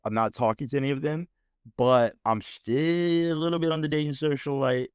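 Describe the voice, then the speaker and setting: A man's voice: fairly high pitch, moderate pace, darkish tone, clear, resonant tone, no echo, clean studio sound. A man hosting a podcast, telling a story as a heated, profane rant and often checking in with "right?". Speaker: podcast host. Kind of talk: ranting storytelling.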